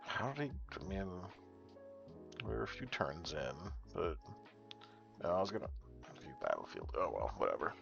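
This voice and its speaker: A man with a deep, gravelly voice rambles through his game commentary, talking straight to chat and swearing freely. The stream audio is dull and lo-fi, with faint music underneath. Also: huge pitch swings, normal speed, pauses often. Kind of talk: casual gaming commentary.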